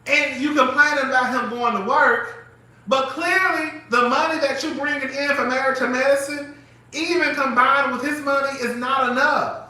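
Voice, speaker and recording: A man hosting a casual live commentary show, animated and profane, laughing often as he talks. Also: very high voice, moderate pace, very echoey, recorded from a distance. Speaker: host.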